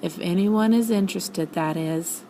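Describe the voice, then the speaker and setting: An older woman voicing a gloomy, slow, old male donkey who rumbles mournfully while reading a storybook aloud. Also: dark tone, slight background noise, rough recording. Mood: glum.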